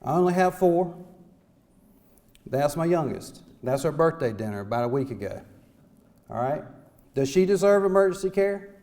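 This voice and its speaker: A middle-aged man speaks as a small-town mayor, pleading his case before a conference audience. His voice sits high for a man, and he drives his points home with folksy phrasing and rhetorical questions. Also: lively intonation, moderate pace, long pauses, warm tone, a little hiss or hum. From North Carolina. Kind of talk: impassioned public speech. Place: conference hall.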